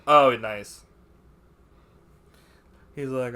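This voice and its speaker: A man's voice: mid-range voice, big pitch swings, normal speed, sharp tone. A man co-hosting a podcast, reviewing a film in casual banter, swearing a lot and doing mocking impressions of the characters. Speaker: podcast co-host.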